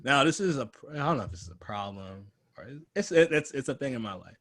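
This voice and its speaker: A man's voice: mid-range voice, animated, a little fast, a bit bright. A young man hosting a casual podcast chat, talking in a loose, rambling, laid-back way with plenty of filler words. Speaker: podcast host.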